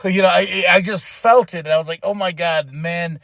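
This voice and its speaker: Man, podcast host, casual recap, emotional and rambling, higher voice, dry sound. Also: fairly even intonation, moderate pace, vocal fry, a bit bright, no echo. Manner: emotional, rambling with many restarts.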